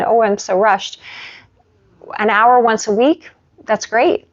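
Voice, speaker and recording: A woman's voice: medium pitch, highs cut off. A woman yoga instructor chatting casually on a live stream from her living room and reading from her book. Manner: chatty and warm with pets, laughs often.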